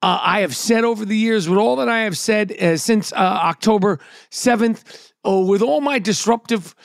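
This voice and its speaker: A middle-aged man talks in a brash, profane, storytelling way on a podcast. His voice sits unusually high for a man. The sound is dry, with no room around it. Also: normal speed, vocal fry, no room sound. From New York. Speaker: podcast host and comedian. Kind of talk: casual podcast chat.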